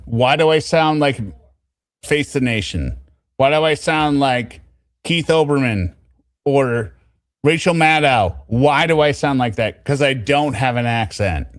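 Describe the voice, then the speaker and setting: A man from the US West Coast hosts a stream in a casual, jokey way, arguing his point with animated bursts. His voice is mid-pitched and sits close and dry on the mic. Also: measured pace, dry recording. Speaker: stream host.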